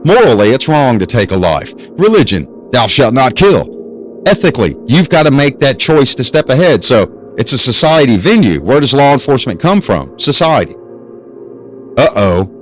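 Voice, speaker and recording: A man lecturing on his podcast, hammering his points home with rhetorical questions and repeated phrases. His pitch swings up and down a lot as he talks, and faint music plays underneath. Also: big pitch swings, normal speed, poor audio. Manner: emphatic, repetitive, rhetorical questions. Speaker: podcast host. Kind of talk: solo lecture-style podcast talk. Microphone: desk mic on a stand.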